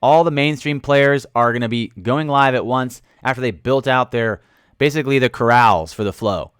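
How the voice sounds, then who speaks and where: A man hosting a casual livestream, reading chat comments aloud, joking with viewers and breaking into loud sudden outbursts. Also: mid-range voice, normal speed, smooth, dry recording, clean studio sound. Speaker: livestream host. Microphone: studio microphone.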